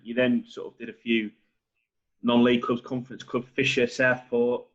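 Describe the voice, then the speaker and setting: A man's voice: mid-range voice, flat delivery, normal speed, muffled recording. A man hosting a casual interview, chatting and chiming in with his own recollections. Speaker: podcast host.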